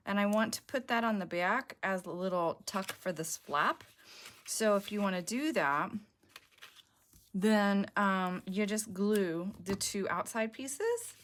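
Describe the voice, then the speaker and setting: A woman whose throat is sore and whose voice cracks now and then. She talks in a chatty, rambling way, thinking aloud as she works through a crafting tutorial. Her pitch sits in an ordinary middle range. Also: slight background noise. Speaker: junk journal crafter on a design team.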